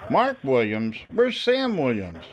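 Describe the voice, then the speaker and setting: A man's voice: mid-range voice, wildly swooping pitch, takes it slowly, lo-fi sound, a little hiss or hum. A man making prank phone calls to scammers, taunting and cursing at them. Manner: taunting, profane, mocking. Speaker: scambaiter prank caller.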